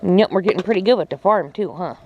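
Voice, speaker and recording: A woman's voice: lowish voice, quick pace, muffled recording. A woman on a farm, chatting casually and teasing her animals in a playful baby-talk manner. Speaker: farm vlogger. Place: outdoors on a farm with poultry. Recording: noisy outdoor farm audio. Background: clucking chickens and crowing roosters.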